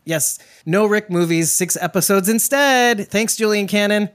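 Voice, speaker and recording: A man hosting a live stream, chatting casually, excitable, swearing and laughing often. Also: sits high, a little slow, no echo, studio quality. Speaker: livestream host. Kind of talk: casual live chat reacting to news.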